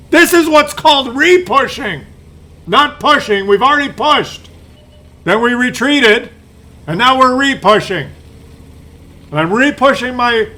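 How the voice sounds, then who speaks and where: A man voicing a stubborn, defiant German tank driver who yells his boasts in a drawn-out way. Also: extremely high pitch, heavily acted.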